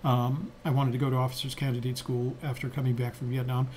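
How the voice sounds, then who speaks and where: Talking fast in a level, slightly mellow mid-range voice, an older man co-hosts a podcast while a little hiss or hum sits in the recording. He reflects through stories in a chatty way, often using fillers and starting over.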